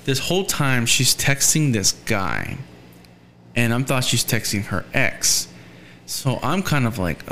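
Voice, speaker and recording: A man's voice: medium pitch, big pitch swings, normal speed, fairly bright tone, a little hiss or hum. A young man in casual talk, telling a rambling story and acting out the voices of the people in it.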